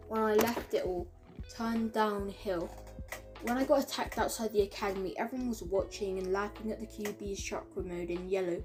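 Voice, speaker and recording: A woman reading a fan-made story aloud in a casual way, stumbling over words and correcting herself. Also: mid-range voice. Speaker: reader of fan fiction.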